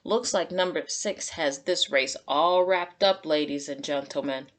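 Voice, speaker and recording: A woman's voice: sits low, unhurried. A woman reading the lines of a male race announcer in a storybook. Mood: announcing. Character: sports announcer, male, excitable.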